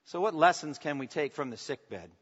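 A man's voice: a little high, expressive, normal speed, husky. Preaching man in a reverberant hall. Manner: preaching with rising emphasis, then dropping to soft, intimate lines; asks the congregation for response. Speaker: pastor. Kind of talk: sermon. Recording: long reverb, dull lo-fi sound.

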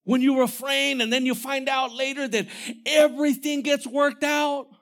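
A man preaching a sermon as pastor, animated, swinging from shouted lines to hushed, near-whispered ones. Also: extremely high pitch, moderate pace.

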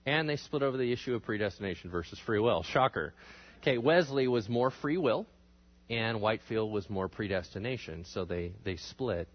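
A man teaching a church history class in a casual, animated storytelling way, acting out the people he talks about. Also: normal speed. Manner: animated storytelling, acting out quotes with big pitch swings. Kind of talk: classroom lecture. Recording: dull lo-fi recording.

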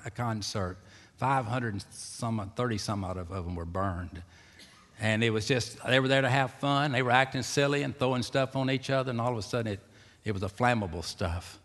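A man preaching a sermon, dropping to a hushed, slow voice and rising to loud, excited calls. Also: medium pitch. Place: church sanctuary. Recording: long reverb of a church hall.

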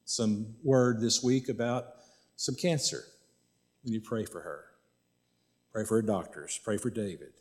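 A male pastor preaching a sermon in a folksy, conversational way, repeating phrases for emphasis. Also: medium pitch.

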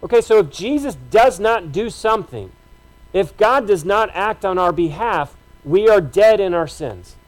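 Expressive and a little slow, this man's notably high voice carries a pulpit sermon on a low-quality recording. As pastor, he speaks to the congregation in an emphatic, conversational style built on short, repeated phrases.

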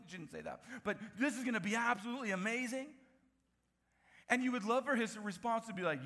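A man preaching a sermon as pastor, animated, acting out the voices he quotes and dropping from loud bursts to hushed lines. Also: very high-pitched, brisk, gravelly. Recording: reverberant hall.

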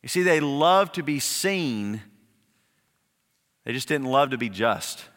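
A man's voice: medium pitch, animated, fairly bright tone. Man preaching in a reverberant hall. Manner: emphatic preaching with repetitions and slowed, dropped phrases. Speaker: pastor. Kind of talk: sermon.

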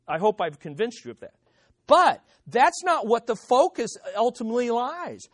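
A pastor preaching an expository sermon, stressing points by swinging between loud and hushed delivery and asking the listeners rhetorical questions. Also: mid-range voice.

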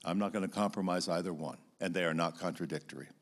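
A middle-aged man giving an earnest, expressive teaching talk as a Christian speaker, standing before an audience. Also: deep voice, fast talker. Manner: earnest and expressive, acting out emotional outbursts.

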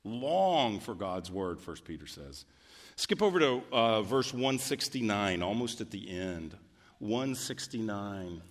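Male pastor, sermon, slow delivery, deliberate and fervent, reverberant church hall. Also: on the low side, sing-song. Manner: deliberate, building to fervent emphasis.

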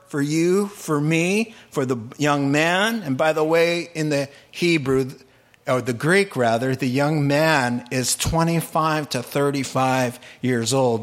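Male preacher, higher-pitched, animated storyteller who jokes as he preaches. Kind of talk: sermon.

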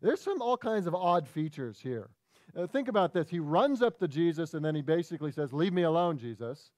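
Animated preaching man, fairly high voice. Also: no echo, studio quality. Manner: animated preaching, quick asides and restarts. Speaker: pastor. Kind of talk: sermon.

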